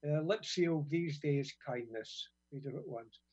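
A man from Britain reading his own poems on community radio, relaxed and wry between blunt, sweary verses. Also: a little high, a little slow, husky. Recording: dull lo-fi radio sound.

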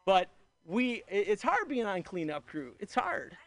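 A high-pitched man speaks earnestly to a gathered crowd, rambling and doubling back on himself. His voice is picked up from a distance by the mic. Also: animated, brisk. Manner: rambling, earnest, many fillers. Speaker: gathering organizer. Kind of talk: addressing a crowd.

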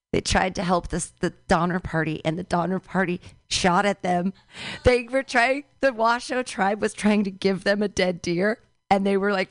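A woman's voice: mid-range voice, fairly bright tone, no echo. A woman hosting a comedy show, chatting casually between acts and introducing the next comic.

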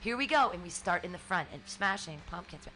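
A woman in her forties, from California, co-hosting a radio show and telling a story in a lively way. She laughs often, swears casually and acts out her own shouting. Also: on the low side, fairly quick, slight background noise. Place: small radio studio.

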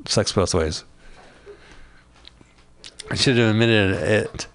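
Low-voiced rambling man on a radio show. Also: slow, vocal fry. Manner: rambling, tells jokes with put-on voices. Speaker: comedian guest. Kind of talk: casual podcast banter. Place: radio studio.

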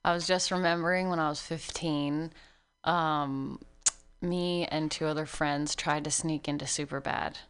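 A giggly woman from Virginia telling stories in a relaxed chat. Her voice is smooth and fairly low, with easy laughs breaking through her anecdotes. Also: a little slow. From Virginia, USA. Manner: giggly storyteller. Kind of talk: casual chat.

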